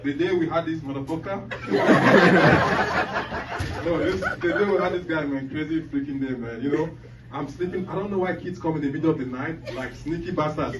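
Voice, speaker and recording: A man on a comedy club stage, talking loose and profane and laughing at his own punchlines. His voice sits a little high for a man, and it comes from a distant mic that picks up the room's echo. Loud noise runs under the whole set. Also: expressive, normal speed, a loud crowd. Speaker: stand-up comedian.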